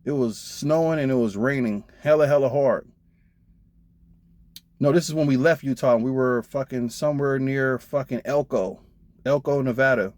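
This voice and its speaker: A man's voice: mid-range voice, moderate pace, a little mellow, dry recording. Blunt, profane trucker man venting. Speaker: truck driver vlogger. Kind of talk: casual storytelling rant.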